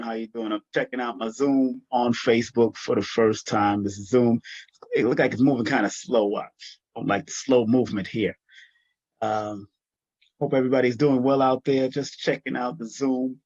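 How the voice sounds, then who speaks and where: A man's voice: medium pitch, no echo, lo-fi sound. A man hosting a casual livestream, laid-back and repetitive, chuckling as he checks whether viewers can hear him. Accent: New York. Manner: laid-back, repeats phrases, chuckles often. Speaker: livestream host. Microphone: webcam or laptop mic on a video call.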